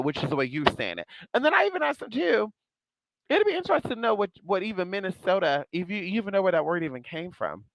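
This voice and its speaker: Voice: medium pitch, fairly bright tone, no echo, low-quality recording. A spiritual vlogger talking straight to viewers in a casual monologue, sassy and blunt, calling people "girl" and "honey" and swearing freely.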